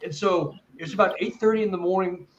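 A somewhat high-pitched man tells his story as a guest speaker, earnest and rambling, often restarting his sentences. His voice sounds echoey and a little muffled, as if heard over a remote link. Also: steady tone, fairly quick, a crowd in the background. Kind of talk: casual first-person storytelling.

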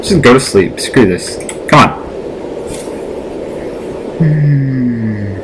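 A man's voice: mid-range voice, lively intonation, extremely slow. A man chatting casually to himself and his viewers as he plays a game, recorded on a built-in laptop microphone. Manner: chatty, rambling self-talk to viewers. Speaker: let's play gamer. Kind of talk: casual gameplay commentary. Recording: noisy lo-fi laptop mic recording.

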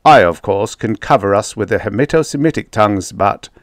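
A man voicing a big, loud, bearish male linguist who booms and barks his lines, deep-voiced. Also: lively intonation, brisk, no echo, studio quality, lightly acted. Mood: booming. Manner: booming, boisterous.

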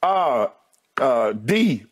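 A middle-aged man, a TV sports debate co-host, giving an emotional on-air farewell and thanking his colleagues one by one, his voice sinking low as he speaks. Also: very animated, drawn-out words.

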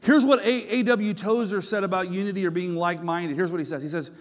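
A middle-aged man preaches a sermon from the pulpit, his fairly high voice rising and falling as he tells stories. He leans on emphasis and repeats phrases as he builds each point. The sound rings with the long reverb of a large church sanctuary. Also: fast. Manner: storytelling with lively emphasis and repetition. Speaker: pastor.

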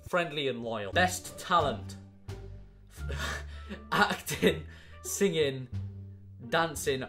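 A man's voice: a little high, slow, faint music behind. A young man from Wales with a Welsh accent, chatting casually and bantering through an online quiz, swearing often. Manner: swearing, banter-filled, animated. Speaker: YouTuber.

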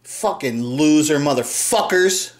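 A man's voice: expressive, slow, roomy sound. A man ranting angrily in commentary, swearing and repeating himself, his voice rising when upset. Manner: angry, profane, repeats himself, voice jumps high when upset. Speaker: video host.

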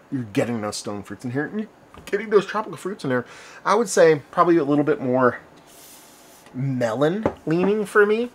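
A man of ordinary pitch chats his way through a beer review on camera. He rambles, restarts his sentences and fixes his words as he talks. A faint hum of room noise sits behind him. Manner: rambling, conversational, self-correcting. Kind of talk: casual video review.

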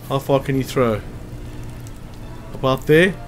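Soft music plays in the background as a man speaks at an unhurried pace and medium pitch. He's a gameplay commentator giving a casual strategy game walkthrough, chatty and reasoning aloud about hit chances, and he's hiccuping after lunch.

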